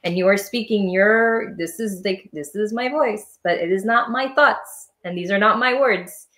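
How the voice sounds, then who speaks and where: A woman talking as a guest on a podcast, animated and quick to laugh, sometimes acting out voices as she explains. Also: medium pitch. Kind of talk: casual interview chat.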